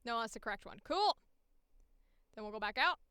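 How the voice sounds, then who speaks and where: A woman's voice: a little high, very fast, sharp tone, clear, resonant tone, no room sound, studio quality. A woman voice actor chatting casually on a livestream, reading casting briefs aloud with playful asides.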